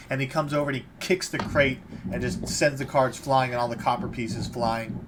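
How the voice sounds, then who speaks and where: A man's voice: mid-range voice, fairly even intonation, brisk. A man narrating a tabletop game as game master, describing the action plainly. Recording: noisy home recording.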